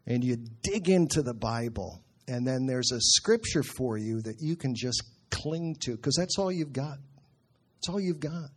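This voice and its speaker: A middle-aged man preaching in an earnest, conversational way, slowing down to quote scripture. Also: mid-range voice, lively intonation, husky. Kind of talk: sermon.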